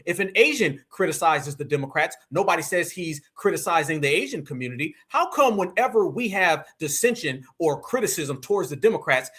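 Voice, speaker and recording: A man's voice: fairly high pitch, pushed and bright, slightly rough. A man hosting a political livestream, talking in a heated, preachy, mocking way and calling his listeners "fam".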